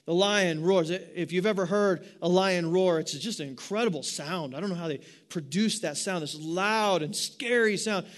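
A man preaching a sermon in an animated way, asking his listeners rhetorical questions. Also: sits high, normal speed, few pauses. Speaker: pastor.

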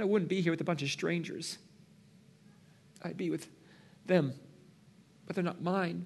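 A man's voice: fairly high pitch, moderate pace, gravelly, pauses often, a little hiss or hum. Impassioned preacher man. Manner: impassioned, swings from loud to hushed whispers. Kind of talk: sermon. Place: church.

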